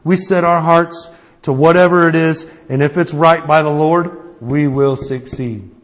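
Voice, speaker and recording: A man's voice: on the high side, steady tone, measured pace, big-room sound. A man preaching a sermon, plain-spoken and personal, often calling out for an amen. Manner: call-and-response asking amen.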